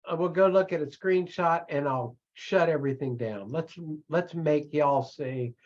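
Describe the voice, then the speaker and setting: A man coaching an audience in a loose live-streamed talk, animated and self-mocking, often slipping into other voices. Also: a little high, a little slow, muffled recording. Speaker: online business coach.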